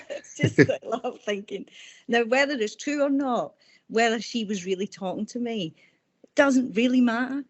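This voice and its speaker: A woman author chats about her books over a video call. Her storytelling is warm and loose, full of restarts, and her voice sits slightly high. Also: lively intonation, moderate pace. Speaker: author guest. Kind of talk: casual conversational interview.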